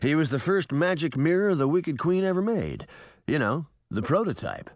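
A man's voice: a little high, sing-song, normal speed, no room sound, clean studio sound, voice pushed up. A man voicing a friendly, folksy male spirit in a magic mirror who explains things patiently. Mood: explaining.

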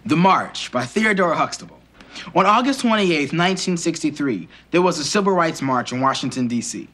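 A man's voice: a little high, animated, normal speed, pushed and bright, a little hiss or hum. An actor playing an earnest teenage boy who reads his school report aloud and defends it to his family. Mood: reading. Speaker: son reading a school report.

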